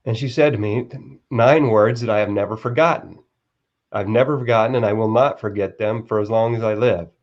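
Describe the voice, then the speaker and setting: A man's voice: fairly low pitch, lo-fi sound. A man who is a guest author, earnestly telling a personal story in a live-stream interview, often restarting his sentences. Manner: earnest, halting with repeated restarts.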